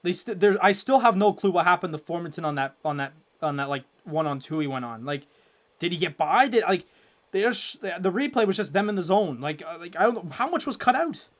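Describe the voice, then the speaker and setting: A young man hosting a casual live hockey watchalong, rambling with lots of fillers and breaking into loud exasperation. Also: high-pitched, lively intonation, fairly quick. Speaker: livestream watchalong host.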